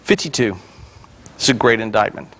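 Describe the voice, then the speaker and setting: A male pastor preaching a sermon with energy, swelling loud on key points and dropping in joking asides to the congregation. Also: fairly low pitch, expressive, normal speed.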